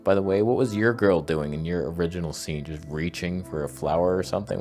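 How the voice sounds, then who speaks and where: A man's voice: low voice, a little fast, few pauses, a little mellow, soft background music. A man hosting a comedic photo critique, ranting sarcastically and hurling insults with exasperation. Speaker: photography video host.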